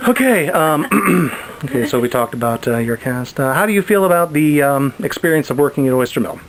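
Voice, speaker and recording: A man interviewing an actress backstage, asking relaxed questions with lots of hesitant fillers. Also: fairly high pitch, fairly quick, a little hiss or hum, low-quality recording. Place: theater backstage area.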